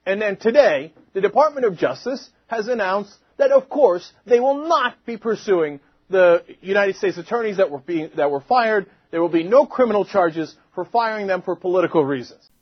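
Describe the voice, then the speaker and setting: Political talk host, male, husky, mocking and indignant, dull lo-fi recording. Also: high-pitched, expressive, moderate pace, few pauses, dry recording. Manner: indignant, mocking, punchy delivery. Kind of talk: heated political commentary monologue.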